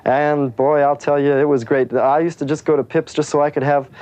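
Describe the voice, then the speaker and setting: A man, a comedian, answering interview questions in a soft-spoken, meandering way, with many fillers. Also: on the high side, steady tone, fairly quick, no room sound.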